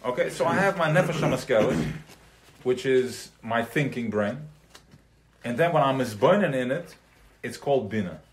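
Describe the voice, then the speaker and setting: A man's voice: mid-range voice, expressive, moderate pace, slight background noise. A man teaching a class to a small group, talking loosely and conversationally. He drops Yiddish terms into his sentences and keeps checking that his listeners follow. He acts out everyday scenes in voices of his own. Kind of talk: live recorded Chassidic class.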